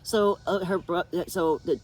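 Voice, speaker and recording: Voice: mid-range voice, moderate pace, a little mellow. A speaker casually retelling a TV drama to a friend, rambling with lots of fillers and restarts. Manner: rambling, many fillers and restarts, bursts of laughter. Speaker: channel host.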